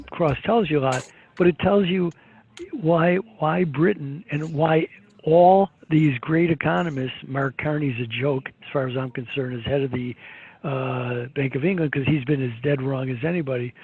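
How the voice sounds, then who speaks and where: A man holds forth on markets in a rambling, opinionated way, full of restarts and fillers. His voice is husky and sits fairly high. The sound is thin and phone-like. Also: no room sound. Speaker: market commentator guest. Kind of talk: casual market commentary. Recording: tinny phone-like line.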